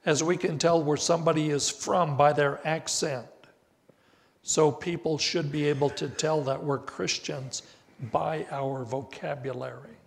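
An older man preaching a sermon as pastor, slow and deliberate with emphatic rises on key words. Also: on the high side, steady tone, creaky. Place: church sanctuary. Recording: reverberant church hall.

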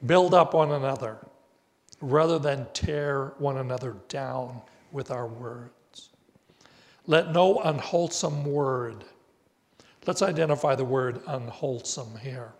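An older man preaching a sermon as pastor, slow and deliberate with emphatic rises on key words. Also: medium pitch. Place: church sanctuary. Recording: reverberant church hall.

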